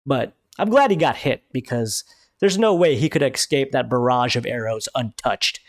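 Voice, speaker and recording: A man hosting a live review stream, talking excitedly in casual commentary and swearing freely. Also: medium pitch, moderate pace, no echo, clean studio sound.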